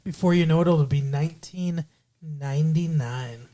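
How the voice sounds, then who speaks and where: A man's voice: fairly high pitch, moderate pace, warm tone. A man co-hosting a comedic podcast, playfully reading old entertainment news aloud and chatting with his fiancée. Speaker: podcast co-host. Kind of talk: comedic podcast chat in 1998 character.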